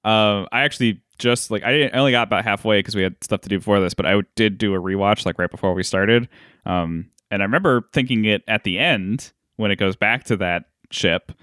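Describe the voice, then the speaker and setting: Male podcast co-host, lowish voice, hesitant and musing, dry close mic. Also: fairly quick, a bit bright, dry recording. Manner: thoughtful, hesitant with many ums. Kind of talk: casual chat.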